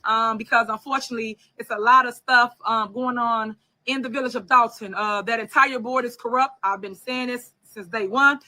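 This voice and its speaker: Woman, politician, bright, fairly high voice, measured, defiant, lots of fillers, clip played in a stream. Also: steady tone. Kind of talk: political address to viewers.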